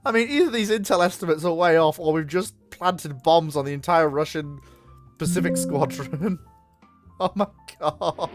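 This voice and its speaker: A streamer, commenting live on a strategy game and bursting into loud exclamations. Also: medium pitch, normal speed, over music.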